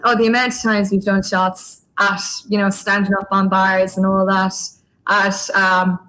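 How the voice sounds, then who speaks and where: A woman's voice: medium pitch, level tone, a little slow, fairly bright tone, rough recording. A woman with an Irish accent, a guest explaining whiskey in a chatty livestream tasting, talking in long loose runs with fillers over a video call. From Ireland.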